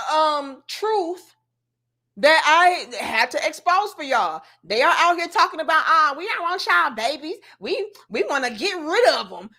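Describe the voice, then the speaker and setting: A blunt, sassy woman rants to her viewers in a high, bright voice. She lectures in slang with plenty of attitude, and her tone stays sharp and forceful throughout. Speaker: commentary vlogger. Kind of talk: opinionated commentary rant.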